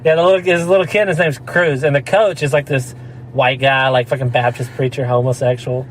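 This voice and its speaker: A man's voice: medium pitch, little pitch movement, brisk, a little hiss or hum, low-quality recording. A man telling a rambling story in casual chat, laughing often and slipping into mock voices. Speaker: podcast co-host.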